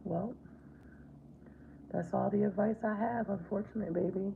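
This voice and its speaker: A middle-aged woman chatting casually with her viewers while doing her makeup, warm to them and calling them babe. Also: medium pitch, fairly even intonation, normal speed, creaky, phone-quality sound, slight background noise. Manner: chatty, affectionate, calls viewers babe and baby. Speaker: livestream host. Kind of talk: casual makeup livestream chat.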